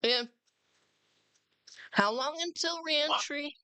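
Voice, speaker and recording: A woman hosting a casual live reaction stream, excitable and swearing freely in loose slang. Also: high voice, slow pace, no echo. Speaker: livestream host.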